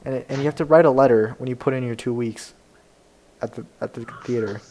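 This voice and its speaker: A man's voice: mid-range voice, brisk, a crowd in the background, rough recording. A young man, a podcast co-host, telling a rambling story in casual chat and laughing often. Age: young adult.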